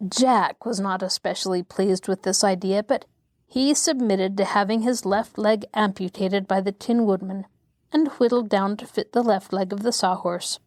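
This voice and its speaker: A woman reads a children's classic aloud at an even, measured pace. Her voice sits in a middle range and the recording is close and dry. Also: mid-range voice, no room sound. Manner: calm and measured. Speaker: host and storyteller.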